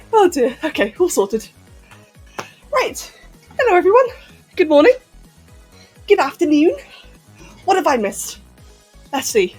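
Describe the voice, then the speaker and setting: A woman's voice: sits high, sing-song, slow pace, pauses often, a little mellow, soft background music. A woman chatting casually on a live stream, hyper and giggly, answering chat messages as she goes.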